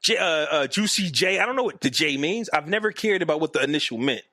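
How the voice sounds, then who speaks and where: A man in his thirties co-hosting a podcast in a playful, teasing, animated casual chat. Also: on the high side, fast, dry recording, clean studio sound. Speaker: podcast co-host.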